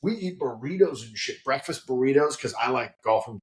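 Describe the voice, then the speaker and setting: A man's voice: mid-range voice, animated, a little fast. A man telling funny stories in casual chat, swearing a lot and acting out the voices of the people in them. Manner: swears freely, acts out quoted voices. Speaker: guest, head distiller. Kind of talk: casual storytelling.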